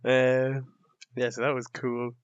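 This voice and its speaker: A man's voice: mid-range voice, normal speed, no room sound. Young irish guy ranting on his podcast, sarcastic and sweary, dull dry lo-fi mic. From Ireland. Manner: sardonic, sweary, rambling. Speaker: podcast host. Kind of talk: casual comedic monologue.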